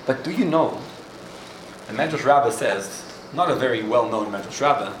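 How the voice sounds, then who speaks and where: A man's voice: medium pitch, animated, moderate pace, roomy sound, background noise. A man giving a sermon, telling a story and asking questions, with Hebrew terms mixed in. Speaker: rabbi.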